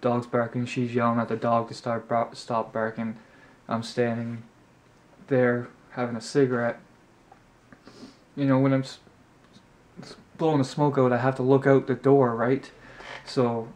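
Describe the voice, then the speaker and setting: This young man's tone is level and he's in no hurry, though his chatty story to the camera is exasperated and rambling, complete with high-voiced impressions of others. He's a vlogger recording in his apartment at night on a camera mic.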